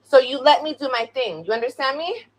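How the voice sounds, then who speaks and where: A woman's voice: high-pitched, brisk. A young woman on a casual live stream, blunt and profane, scolding her children between complaints about critics. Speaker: livestreamer.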